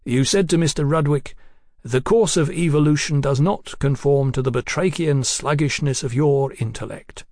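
A male narrator voicing a dry, deliberate Victorian police detective who questions politely and speaks in measured tones. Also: fairly high pitch, a little mellow, dry recording, lightly acted.

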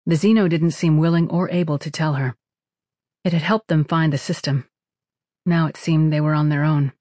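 A narrator reading a science fiction novel in steady, even scripted narration. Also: mid-range voice, moderate pace, no echo, clean studio sound. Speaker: audiobook narrator.

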